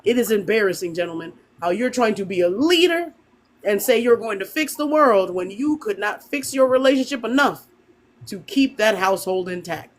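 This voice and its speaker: A woman's voice: medium pitch, animated, normal speed. A woman on a live panel debate, speaking in a scornful, combative way and confronting other guests.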